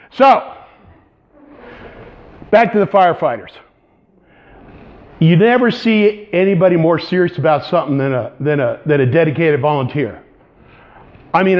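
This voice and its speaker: Animated high-voiced male pastor. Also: lo-fi sound. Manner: animated, playful storyteller with vocal sound effects. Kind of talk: storytelling sermon.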